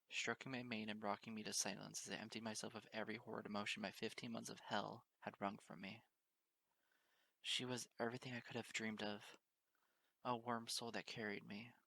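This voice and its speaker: Bright-voiced man reading a story. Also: on the low side, creaky. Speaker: audiobook reader. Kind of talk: fan fiction audiobook narration.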